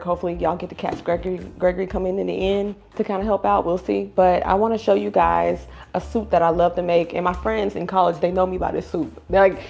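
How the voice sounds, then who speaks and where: A YouTube cooking channel host, a woman with a gravelly mid-range voice, runs a casual vlog from her home kitchen. She's chatty and candid and laughs often.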